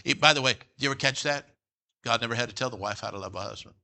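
A man's voice: medium pitch, rapid-fire, bright, forceful tone. A middle-aged man preaching a sermon as pastor, folksy and joking, often checking in with "all right?" and "you know".

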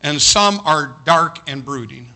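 A man preaching a sermon in a bright, sharp, forceful voice that sits fairly high for a man. He talks earnestly to his congregation and recites verse, swelling up in fervent peaks before dropping back to a quieter, confiding tone. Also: lively intonation, measured pace.

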